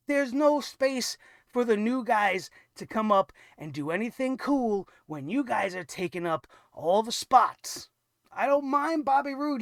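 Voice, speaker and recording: Show host, ranting review; gravelly, dry-sounding read, sarcastic and profane with shouted outbursts. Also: mid-range voice, no echo.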